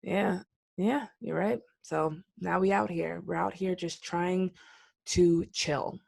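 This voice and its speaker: A woman co-hosting a podcast, chatting casually and telling a dating story with animated, acted-out quotes. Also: lowish voice, slow, creaky. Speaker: podcast co-host. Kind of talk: casual chat.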